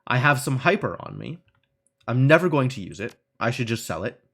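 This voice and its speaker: A man streaming a game, reading its text aloud and thinking out loud in a wry, self-mocking way. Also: medium pitch, big pitch swings, fairly quick.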